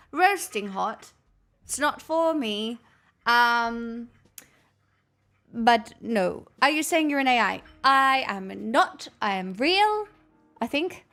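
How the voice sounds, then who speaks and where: A woman's voice: sits high, a bit bright. A young woman hosting a live stream, chatting casually with her viewers in a playful, teasing way and laughing often. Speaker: livestream host chatting with viewers.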